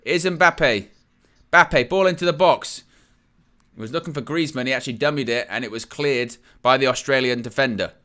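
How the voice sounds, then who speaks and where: Here the fan channel host speaks in a mid-range voice at a moderate pace, with a sharp edge to his tone. He's chatting casually over a football match on his live stream, using fillers and starting sentences over.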